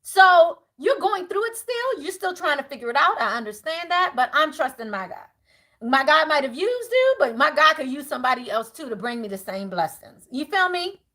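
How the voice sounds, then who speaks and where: A middle-aged woman giving a live tarot reading to viewers, animated and preachy, casual and outspoken, dropping to a hush when she prays. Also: high voice, brisk. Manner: animated, preachy, swinging from loud to hushed prayer; casual, outspoken, swears freely. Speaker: tarot reader.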